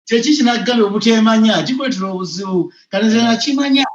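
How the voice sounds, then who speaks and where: A Ugandan man, a teacher, a guest on a call, arguing his points in an animated, insistent way. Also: high-pitched, very fast. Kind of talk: casual debate mixing Luganda and English. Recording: dull, echoey room sound.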